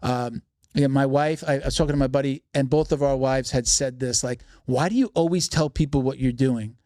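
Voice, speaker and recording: Fast-talking profane male storyteller. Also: mid-range voice, mellow, no room sound, studio quality. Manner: fast, profane storyteller who acts out quoted voices. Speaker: podcast guest. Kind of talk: casual podcast storytelling.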